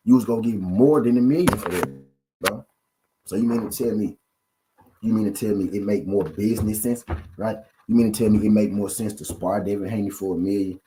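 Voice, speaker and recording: A man's voice: fairly low pitch, warm tone, a little hiss or hum. A man hosting a boxing channel, giving a casual, repetitive commentary rant full of rhetorical questions to his viewers.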